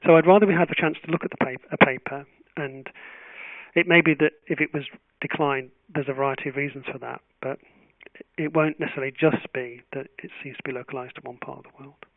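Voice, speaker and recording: Measured man on a tinny call line. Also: mid-range voice, fairly even intonation, no room sound. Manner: thoughtful, measured, with frequent restarts and hesitations. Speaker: journal deputy editor answering webinar questions. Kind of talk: webinar Q&A. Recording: tinny phone-like webinar audio.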